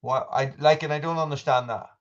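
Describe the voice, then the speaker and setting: A man's voice: fairly high pitch, steady tone, a little fast, lo-fi sound. A man, chatting casually and rambling on a live stream, full of asides and restarts. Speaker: vlogger doing a live chat.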